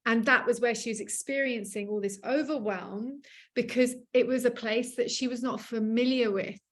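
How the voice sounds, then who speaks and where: A woman hosts a relaxed podcast chat. Her voice sits a little high, and she tells stories with lively energy, acting out the people she quotes. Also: moderate pace. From Australia. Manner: animated storytelling, acts out quoted voices. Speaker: podcast host.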